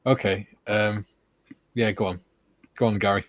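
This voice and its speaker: Host type: man, deep-ish, relaxed chat-reader on a dry close mic. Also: measured pace, no echo. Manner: relaxed, laughing, swears casually. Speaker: stream host reading chat. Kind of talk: casual live-stream chat.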